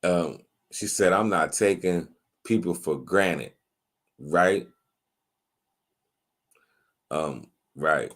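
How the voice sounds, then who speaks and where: Halting low-voiced man hosting a live stream. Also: fairly bright tone. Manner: halting, many restarts and fillers, reads out viewer comments. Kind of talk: casual live stream chat.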